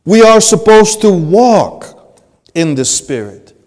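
A man preaches a sermon at a deliberate, unhurried pace, his high voice leaping through a wide, lively range. He punches key words loudly, then drops to hushed, low phrases. The sound carries a long reverb like a large sanctuary. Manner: dramatic preaching, swings from loud emphasis to hushed low lines. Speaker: pastor.

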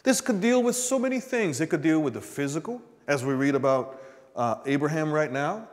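A man's voice: on the high side, animated, a little fast. A man preaching a sermon as pastor, calling out to the congregation for an amen. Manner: preaching with call-and-response "Amen?". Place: church sanctuary. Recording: long hall reverb.

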